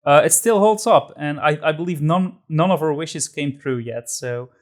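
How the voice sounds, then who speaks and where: A man's voice: on the high side, normal speed. A man hosting a podcast, introducing the episode and guest in a loose, friendly way with fillers. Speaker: podcast host.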